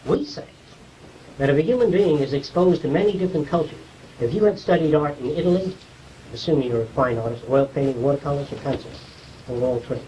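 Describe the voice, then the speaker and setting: A man's voice: a little high, a little fast, warm tone, lo-fi sound, a little hiss or hum. Distant archival lecture, man explaining. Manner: conversational, explanatory, asks listeners if they follow. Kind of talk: informal lecture to a small audience.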